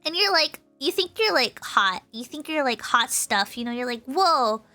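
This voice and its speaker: High, bright-voiced tipsy woman rambling. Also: sing-song, normal speed, soft background music. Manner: giggly, loose and meandering, self-correcting. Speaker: VTuber streamer. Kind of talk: casual rambling explainer.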